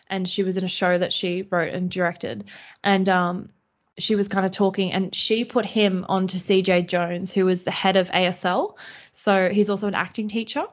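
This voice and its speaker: A woman co-hosting a podcast, chatting casually and retelling stories with lots of fillers. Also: mid-range voice. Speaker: podcast co-host. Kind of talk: casual chat. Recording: slightly dull lo-fi sound.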